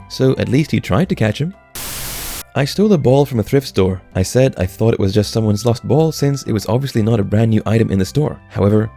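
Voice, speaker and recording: Male narrator, dark gravelly voice, steady scripted story read. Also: medium pitch. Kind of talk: scripted narration of online stories.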